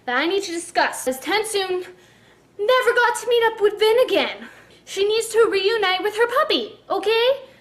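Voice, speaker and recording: Woman reviewing books with a high voice, an eager, rambling vlogger. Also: fairly bright tone. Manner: gushing, chatty, lots of "like" fillers. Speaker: book reviewer. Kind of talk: casual book review vlog.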